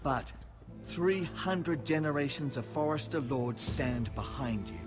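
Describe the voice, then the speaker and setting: A man's voice: mid-range voice, animated, over music, close to an everyday voice. A man playing a solemn old-world advisor. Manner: measured, solemn. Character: grave male advisor counseling a young lord.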